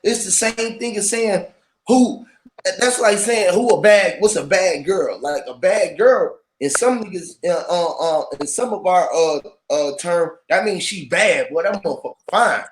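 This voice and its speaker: High-voiced hyped-up man in an echoey room. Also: a little slow. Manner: hyped up, loud and animated. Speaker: panel speaker. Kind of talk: casual chat.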